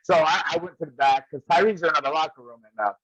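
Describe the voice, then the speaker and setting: A man's voice: on the high side, rapid-fire, fairly bright tone, no echo. A man, a wrestling guest, telling old road stories in casual chat and laughing often as he goes. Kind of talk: casual storytelling. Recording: dull, lo-fi sound.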